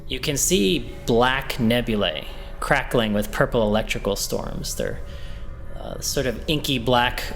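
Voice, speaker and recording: A man running a tabletop role-playing game, narrating a scene to his players in a mid-range voice. He describes things slowly in the second person and often pauses on an "um" or restarts a phrase. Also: medium pitch, animated, gravelly, a bit bright, soft background music. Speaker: game master.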